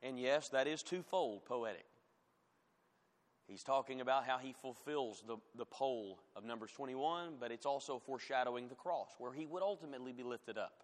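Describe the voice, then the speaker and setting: A man preaching a sermon as pastor, rising loud on scripture and dropping to quiet, pointed asides. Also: mid-range voice, normal speed. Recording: long hall reverb.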